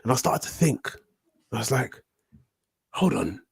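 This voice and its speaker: A British man, telling animated, slangy stories as a guest in a casual chat. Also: medium pitch, normal speed, slightly rough. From United Kingdom. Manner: animated, swearing, slangy storyteller. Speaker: podcast guest.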